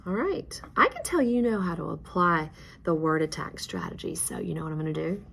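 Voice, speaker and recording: A woman teacher with a low, gravelly voice patiently walks a student through a reading exercise, prompting and praising each step. She sometimes drops to a near whisper while guiding. A faint hum of background noise sits under the recording. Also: lively intonation, fairly quick, a bit bright. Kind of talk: one-on-one reading lesson.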